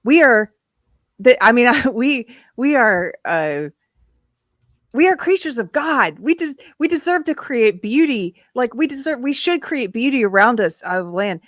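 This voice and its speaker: A woman hosting a casual live-stream talk show, laughing often and ranting in an animated way. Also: fairly high pitch, unhurried, no echo, studio quality. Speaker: host.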